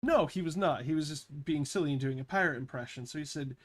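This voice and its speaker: A man's voice: a little high, quick pace. Rambling, laid-back man sketching sprites. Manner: rambling, swears freely, laughs at own stories. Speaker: pixel artist and vlogger. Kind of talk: casual chat while drawing.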